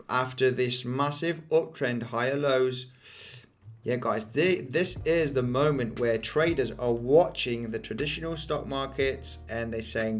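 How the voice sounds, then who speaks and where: A man's voice: medium pitch, faint music behind. Hype-talking man. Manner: fast, restarting, hype-driven talk with viewer asides. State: out of breath. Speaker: crypto trading livestream host. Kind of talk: live chart analysis with chat.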